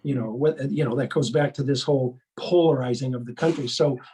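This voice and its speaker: A man taking part in a casual group discussion, talking in a halting way, with repeated words and restarts. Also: medium pitch, fairly even intonation, warm tone, husky, low-quality recording. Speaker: discussion participant.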